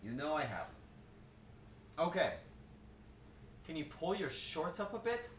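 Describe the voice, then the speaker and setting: A man's voice: on the high side, very animated, recorded from a distance, slight background noise. A man chatting casually while cooking live on stream in his home kitchen, rambling and joking, laughing easily and swearing now and then. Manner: rambling, jokey, quick to laugh. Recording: echoey kitchen, voice from afar.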